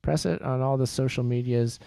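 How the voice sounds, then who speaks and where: A man co-hosting a casual live-stream podcast rambles and corrects himself while plugging the show's channels. His mid-range voice is brisk, steady and warm with vocal fry, and there is no room sound.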